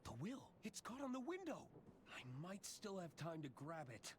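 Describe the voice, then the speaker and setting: A man's voice: high voice, sing-song, moderate pace, slight background noise. An actor playing a polite, formal, mild-mannered male lawyer in a video game. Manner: courteous, formal.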